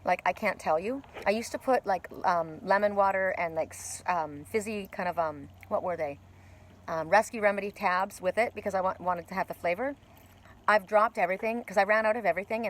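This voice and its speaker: Woman, live-stream card reader; loose, chatty, spiritual tone, talking outdoors by water. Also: mid-range voice. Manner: rambling, chatty, with many fillers and restarts; gentle spiritual encouragement. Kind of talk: casual live-stream chat with viewers. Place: outdoors at a lakeside cove.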